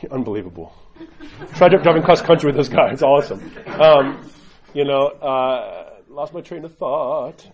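A man's voice: medium pitch, lively intonation, moderate pace, lo-fi sound, a crowd in the background. A man who is an Orthodox priest, teaching in a loose conversational way and often checking in with "right?". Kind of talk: informal teaching talk.

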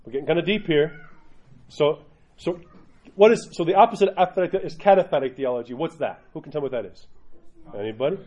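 A man's voice: a little high, animated, quick pace, pauses often, darkish tone. A man teaching a religion class to a group, who often stops to ask the room questions. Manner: asks the class questions, uneven pace. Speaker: Orthodox Christian teacher. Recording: dull lo-fi recording.

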